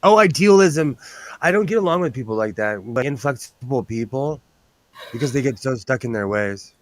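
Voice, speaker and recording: A man's voice: mid-range voice, lively intonation, normal speed, dry recording. A man hosting a casual chat while sewing, rambling and telling stories with animation. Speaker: host.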